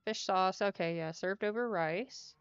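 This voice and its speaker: A young woman streaming as she plays, chatting casually and getting easily excited as she muses aloud. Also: mid-range voice, unhurried, smooth, no room sound. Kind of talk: casual stream chat while playing. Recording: dull lo-fi audio with faint music.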